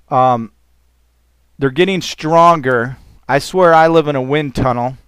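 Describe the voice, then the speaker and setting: A man preaching a fervent sermon in a smooth, resonant voice that sits a little high. He rambles and calls out to his listeners. The sound is dry, with no room echo. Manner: fervent, rambling, call-and-response exclamations. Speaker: pastor.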